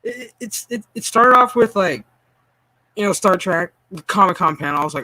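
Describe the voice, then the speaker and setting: A man's voice: sits high, expressive, moderate pace, pauses often, bright, forceful tone, dry recording. Profane, ranting male streamer. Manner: profane, exasperated and sarcastic; stammering restarts. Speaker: streamer host. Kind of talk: casual ranting stream commentary.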